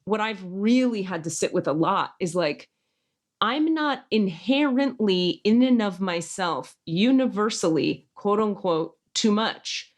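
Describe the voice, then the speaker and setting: A woman's voice: mid-range voice, lively intonation, a little slow. A woman hosting a podcast in casual chat, talking intensely and emphatically and acting out quoted voices as she tells stories. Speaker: podcast host.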